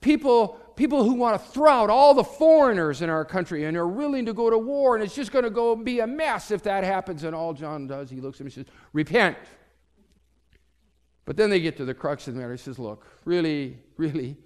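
A man preaching a sermon as pastor, telling a story and swinging from loud to hushed. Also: sits high, expressive, fast talker, hardly any pauses, clear, resonant tone, big-room sound.

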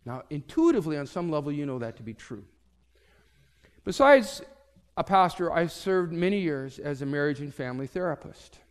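A man preaching a sermon as pastor, telling a story and swinging from loud to hushed. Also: a little high, sing-song, normal speed, clear, resonant tone, long reverb tail.

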